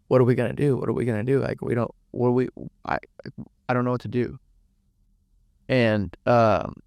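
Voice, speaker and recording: Young man, interview guest, candid rambling storytelling, smooth clear voice, dry close sound. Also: fairly low pitch, no room sound. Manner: rambling, emotional, frequent restarts and swearing. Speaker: podcast guest.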